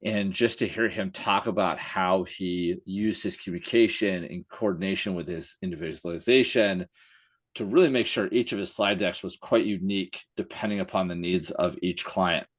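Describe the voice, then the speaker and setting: A man's voice: low-pitched, moderate pace. A male coach speaking hesitantly in a casual podcast chat, with many fillers and self-corrections.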